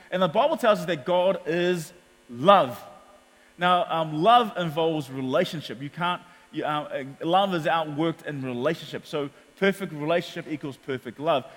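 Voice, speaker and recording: A man with a New Zealand accent preaching a sermon as pastor, animated in his storytelling. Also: fairly high pitch, in a large hall. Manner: animated storytelling, acts out quotes.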